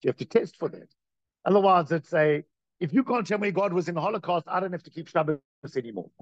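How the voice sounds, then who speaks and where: A man giving a Torah class as its teacher, in an animated, questioning way full of rhetorical questions. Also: high-pitched, fast, dry recording, lo-fi sound.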